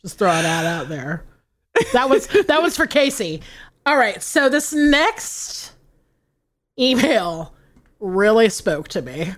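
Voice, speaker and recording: A woman co-hosting a podcast, chatting casually and reading a listener's email aloud with animated, drawn-out emphasis. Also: medium pitch. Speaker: podcast co-host.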